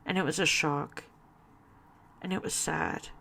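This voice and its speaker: A woman speaking haltingly about grief in a personal vlog, with many fillers and restarts, close to tears. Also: sits low, creaky, sharp tone. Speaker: vlogger.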